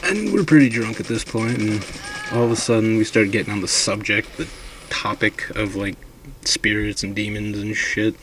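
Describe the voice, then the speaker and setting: A man's voice: fairly low pitch, moderate pace, fairly bright tone, slight background noise. A man casually telling a drunken ghost story, rambling and swearing a lot.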